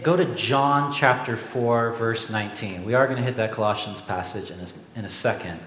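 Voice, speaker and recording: A young adult man from Oregon preaching a sermon to a congregation and telling stories with an animated, joking manner. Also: on the low side, moderate pace. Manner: animated storytelling with a jokey aside. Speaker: pastor. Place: church sanctuary. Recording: echoey hall from far off.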